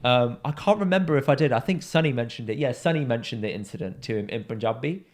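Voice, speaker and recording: A young man from in England, co-hosting a podcast, telling a pub story in a casual chat and acting out the people he quotes. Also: quick pace. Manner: animated storyteller, acts out quoted voices with big pitch jumps. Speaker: podcast co-host.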